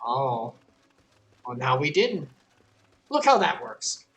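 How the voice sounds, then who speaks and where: A man's voice: medium pitch, sing-song, slow, fairly bright tone, distant mic, rough recording. A man streaming a video game, chatting casually and joking, reading game dialogue aloud in voices. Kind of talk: casual let's-play chat.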